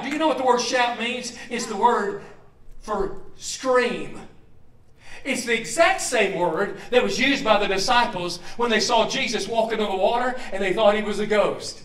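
A man preaching a sermon in a church, moving from low steady talk to loud joyful shouts. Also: moderate pace, roomy sound, far from the mic. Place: church hall.

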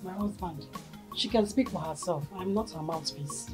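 A woman's voice: lowish voice, moderate pace, lightly acted. Actress as Nigerian wife, indignant, holds her ground, music under. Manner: defensive, indignant. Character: defensive young wife standing up to her sister-in-law.

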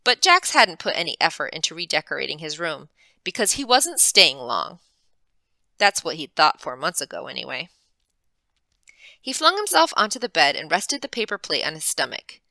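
A librarian reading a chapter aloud with expressive, animated narration, close to the mic. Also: female voice, low voice, moderate pace, vocal fry, dry recording. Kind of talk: storybook read-aloud.

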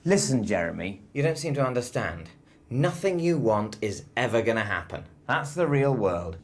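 An anxious, awkward young Englishman in a sitcom. He stammers and stalls, tripping over his own words in a plain, mid-pitched voice. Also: sing-song, normal speed. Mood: exasperated. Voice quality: hesitant, stammering. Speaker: office worker. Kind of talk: sitcom acting.

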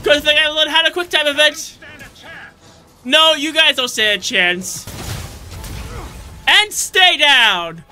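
A man giving gameplay commentary, excitable and shouting jokes at the enemies. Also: extremely high pitch, takes it slowly, pauses often. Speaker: let's play gamer. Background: game music.

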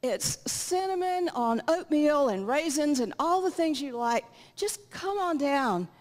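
A woman's voice: high-pitched, lively intonation, measured pace, a little mellow, voice pushed up. A woman voicing a cheerful mother who coaxes her daughter down to breakfast, in a reverberant church hall. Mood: coaxing, cheerful.

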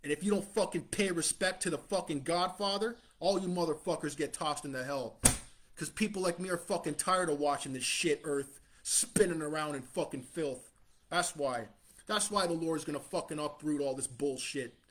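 A man's voice: a little high, normal speed, fairly bright tone. A man giving a profane street-style sermon in a swaggering mobster tough-guy way, blunt and scornful, with heavy swearing. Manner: scornful, blunt, chuckles between lines. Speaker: self-styled preacher.

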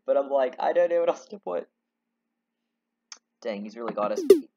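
A man's voice: mid-range voice, big pitch swings, brisk, rough recording. A man giving casual, rambling and self-deprecating commentary while playing a game. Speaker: let's play gamer. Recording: synth game music behind. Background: synthesizer music.

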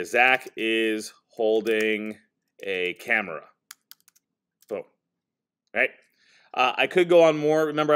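A male teacher casually demonstrating software to a high school class, talking as he types and correcting himself along the way. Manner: casual, talks while typing, self-correcting.

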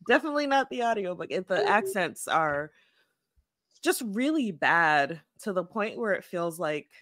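A woman's voice: medium pitch, big pitch swings, normal speed, a bit bright, no room sound. A woman co-hosting a casual book club podcast, chatty and opinionated with lots of fillers. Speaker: podcast co-host.

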